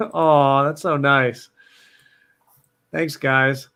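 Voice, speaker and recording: A man's voice: mid-range voice, drawn-out words, sharp tone. A man hosting a live question session, upbeat as he reads out viewer questions. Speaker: host. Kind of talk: live Q&A chat.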